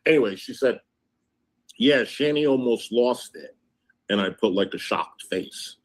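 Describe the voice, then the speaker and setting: A man's voice: medium pitch, animated, a little slow. Indignant man recounting text messages. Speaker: livestream host. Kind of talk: casual livestream recounting.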